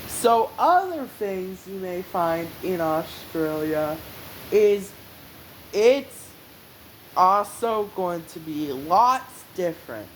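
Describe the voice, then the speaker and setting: A woman's voice: on the low side, very animated, slow pace, a little hiss or hum, poor audio. A woman hosting a casual explainer vlog in a rambling, meandering way. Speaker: vlog host.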